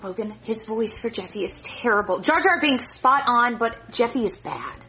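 A woman on a comedy cast who speaks bluntly and teasingly, her high voice moving lively. The audio is dull and lo-fi. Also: moderate pace. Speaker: cast member. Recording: dull lo-fi sound.

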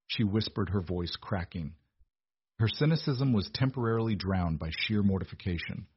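Low husky male story narrator. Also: lively intonation, normal speed, no echo, highs cut off.

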